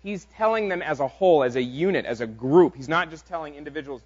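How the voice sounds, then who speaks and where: A man preaching a conversational sermon as pastor, in an informal, halting way with frequent restarts. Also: on the high side, lively intonation, darkish tone. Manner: informal, halting delivery with many fillers and restarts. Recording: dull lo-fi sound.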